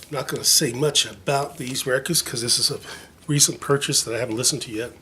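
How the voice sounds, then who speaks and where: In this casual show-and-tell chat, a vinyl collector vlogger rambles to his viewers about records from his collection, full of fillers and self-mocking jokes. He talks fast at a medium pitch, with a bright, forceful tone. There's a little hiss or hum on the recording.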